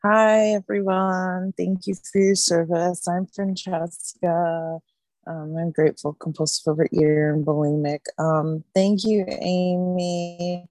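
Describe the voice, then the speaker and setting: A woman sharing at a recovery meeting over a video call, earnest and halting, with many fillers. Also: fairly low pitch, fairly even intonation, mellow, no echo, faint music behind.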